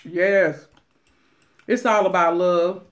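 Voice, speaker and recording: A woman's voice: fairly low pitch, takes it slowly. Chatty woman vlogger. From Atlanta, USA. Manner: chatty, animated, drops into whispers at times. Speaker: mukbang vlogger. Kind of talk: casual chat to viewers.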